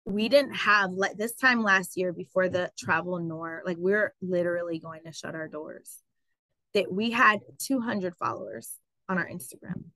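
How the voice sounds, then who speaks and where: A woman telling her story as an interview guest, animated and full of fillers like "like" and "um". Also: lowish voice, normal speed, no echo, poor audio. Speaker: guest, travel business owner. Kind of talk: casual interview.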